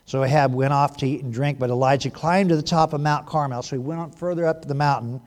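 A male pastor giving a sermon in a conversational way, moving between hushed moments and animated bursts. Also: mid-range voice, quick pace, hardly any pauses.

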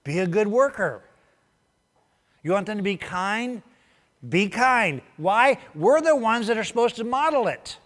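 Male pastor, high voice, sermon in an echoing hall, punchy questions and answers. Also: sing-song, unhurried. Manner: preaching with sudden swings between loud urging and soft hushed asides.

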